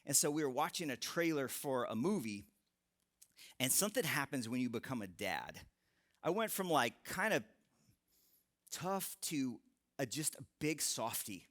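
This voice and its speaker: Guy in his 30s preaching to a packed room, high bright voice, jokey storyteller. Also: normal speed. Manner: animated, joking storytelling. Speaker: young adult ministry speaker. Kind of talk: live sermon to a young adult audience. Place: large room with live audience.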